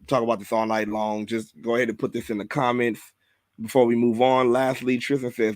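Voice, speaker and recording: A man's voice: medium pitch, fairly bright tone, no room sound. A man hosting a podcast in casual review chat, rambling and cursing, laughing and reading viewer comments aloud. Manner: rambling, profane, repeats himself. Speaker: podcast host.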